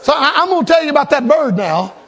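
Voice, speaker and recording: A man's voice: very high-pitched, big pitch swings, quick pace, a bit bright, a faint crowd, a little hiss or hum. A man preaching a sermon, with rhythmic, emphatic repetition and a storytelling turn.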